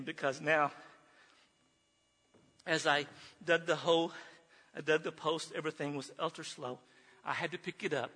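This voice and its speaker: A man giving an earnest personal testimony to a group, telling his story haltingly with restarts. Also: on the high side, bright, forceful tone. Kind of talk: personal testimony talk with slides. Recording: long reverb of a hall.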